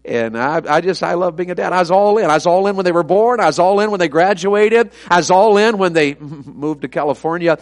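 A middle-aged evangelist preaches in a homespun, storytelling way. His voice sits somewhat high for a man, and he keeps the mood light with self-deprecating humor about his own family. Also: a little fast, hardly any pauses. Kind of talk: sermon.

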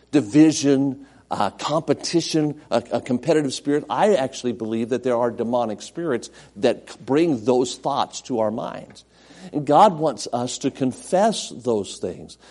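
A middle-aged man preaching a sermon as pastor, earnest, repeating himself and moving between loud and soft delivery. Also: mid-range voice.

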